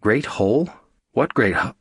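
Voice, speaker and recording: A man's voice: medium pitch, expressive, measured pace, fairly bright tone, slightly rough, dry recording, clean studio sound, full character voice. A man doing a frightened young astronaut. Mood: nervous. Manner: nervous, stammering. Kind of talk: audiobook character voice.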